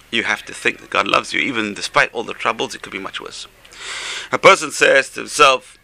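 A man leads a Torah class in a gravelly voice, animated and exclamatory. His tone is sharp and bright. He drops to near-murmured asides, then rises to loud, emphatic points. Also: medium pitch, brisk. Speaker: rabbi teaching a class.

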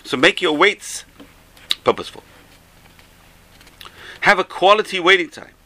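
A man's voice: high voice, lively intonation, a little slow, bright, forceful tone, rough recording. A man, teaching a Torah class, who repeats key phrases for emphasis and tells jokes along the way. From England.

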